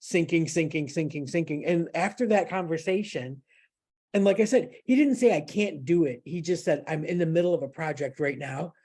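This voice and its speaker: A woman's voice: low-pitched, expressive, normal speed, warm tone, husky. A woman hosting a podcast, chatting casually and telling a story with lots of fillers and restarts. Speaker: podcast host. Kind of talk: casual chat.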